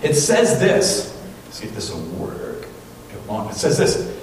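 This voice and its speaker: A man's voice: fairly high pitch, wildly swooping pitch, measured pace, darkish tone. Man preaching in an echoey church. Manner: chatty, often asks "right?". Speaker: pastor. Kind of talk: conversational sermon. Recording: echoey church from a distance, faint hum.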